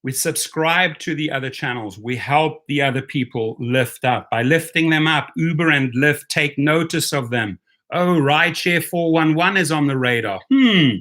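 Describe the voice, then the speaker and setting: A man's voice: medium pitch, sharp tone. A man with a non-native English accent hosting a live stream, talking passionately and rallying his viewers. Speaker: rideshare YouTube host.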